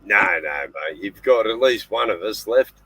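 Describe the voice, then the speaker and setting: Australian man, casual caller, joking and swearing, relaxed. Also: fairly low pitch, measured pace, slight background noise, rough recording. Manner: laid-back, joking, swearing. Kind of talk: casual chat.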